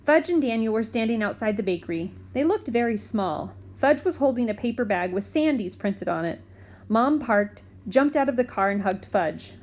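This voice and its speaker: A woman's voice: a little high, expressive, normal speed, darkish tone, a little hiss or hum. Woman reading a children's book. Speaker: reader.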